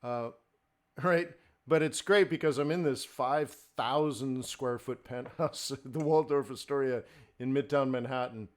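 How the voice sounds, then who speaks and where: A man's voice: medium pitch, unhurried. A middle-aged man hosting a live forex trading stream, talking in a blunt, fired-up, ranting way.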